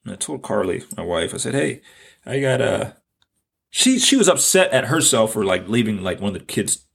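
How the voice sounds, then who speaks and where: A man with a low, gravelly and slightly husky voice, speaking as a podcast host. He tells a personal story earnestly and reflectively, often repeating phrases for emphasis. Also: sing-song, moderate pace, fairly bright tone.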